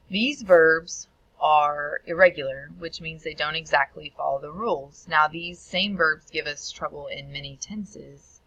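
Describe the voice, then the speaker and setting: A woman teaching Spanish in a recorded video tutorial, explaining each step clearly and sounding out the Spanish words. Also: deep voice, bright, forceful tone, no echo, rough recording.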